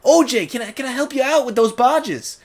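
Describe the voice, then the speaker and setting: A man's voice: very high voice, fairly quick, voice pushed up. A man voicing a young male cartoon tugboat in his twenties with a brash, friendly New York accent. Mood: breezy.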